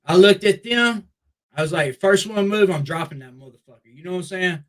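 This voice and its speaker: A young man, a wrestler, telling a long story in a casual, profane, animated way with many restarts. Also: high voice, brisk, poor audio. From Memphis Mid-South area. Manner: profane, animated, repeats "I was like". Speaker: wrestler guest.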